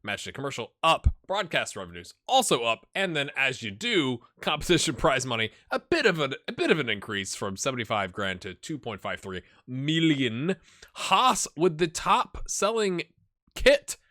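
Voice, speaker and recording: Animated bright-voiced gaming host. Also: male voice, medium pitch, moderate pace. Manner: chatty, muttering asides to himself. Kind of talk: casual gameplay commentary.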